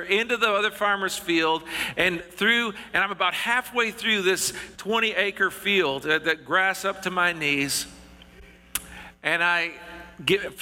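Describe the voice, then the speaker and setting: A middle-aged male pastor tells his story in a slightly raised, very bright voice. He speaks in a folksy, earnest way and stumbles and restarts often. His words ring out with the long reverb of a large hall. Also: on the high side. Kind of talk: storytelling sermon.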